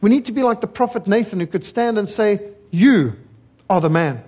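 A man's voice: high voice, expressive, normal speed, a little mellow, husky, lo-fi sound. A middle-aged man from South Africa preaching a sermon, fiery and emphatic, building rhythmic lists of words.

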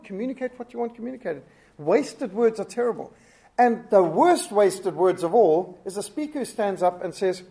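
A man who preaches, teaching public speaking in an animated, emphatic way. He often jumps up in pitch and loudness to drive his points home. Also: normal speed. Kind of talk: instructional talk.

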